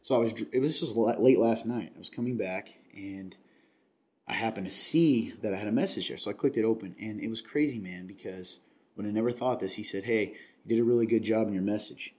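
A man's voice: fairly low pitch, a little fast. A man from Kentucky hosting a casual chat, earnest and confiding, rambling with many restarts.

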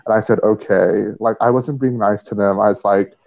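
A man's voice: lowish voice, steady tone, brisk. A man in casual conversation, telling stories candidly with lots of fillers and swearing. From Australia. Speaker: podcast guest. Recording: muffled lo-fi audio.

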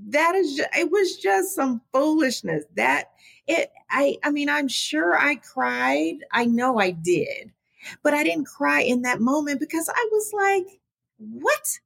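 A middle-aged woman, a podcast guest, telling her story candidly in an animated, conversational way. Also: high-pitched, a little slow, vocal fry. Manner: animated, talks to the host as "girl". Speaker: podcast guest, small business advocate.

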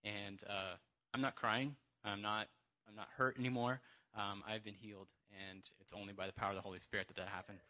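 A low-pitched man with a very bright, forceful tone tells his testimony in church. He speaks haltingly, with frequent fillers and restarts, and is moved as he tells it. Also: fairly even intonation. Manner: halting, emotional storytelling with many fillers. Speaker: congregation member sharing testimony. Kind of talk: personal testimony at church gathering.

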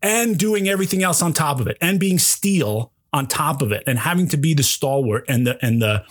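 A husky-voiced man in his forties hosts a casual film discussion. He speaks effusively and with open emotion, his sentences tumbling over restarts as his enthusiasm runs ahead of him. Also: a little high, expressive, fairly quick. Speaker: podcast host.

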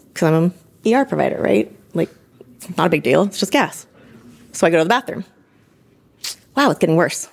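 A woman in her thirties, an emergency room provider, telling her own story in an interview, lively and animated. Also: on the low side, creaky. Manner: lively, animated retelling with laughs and acted-out quotes. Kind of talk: personal story told in interview.

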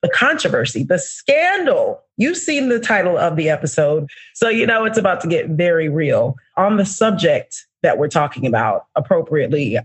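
A woman hosting a podcast in a lively, playful, slangy way, with her voice swinging high for emphasis. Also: husky. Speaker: podcast host. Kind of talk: casual podcast chat.

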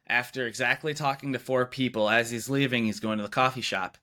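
A man's voice: medium pitch, steady tone, a little fast, hardly any pauses, sharp tone, clean tone. A young man casually telling a story in a podcast chat, loose and filler-heavy, with lots of "like" and "you know". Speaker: videographer, podcast co-host.

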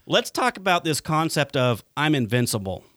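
A man hosting a podcast, telling stories in a lively way and swearing freely. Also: on the high side, moderate pace, dry recording, clean studio sound. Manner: animated storytelling, swearing freely. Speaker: podcast host. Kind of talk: casual podcast chat.

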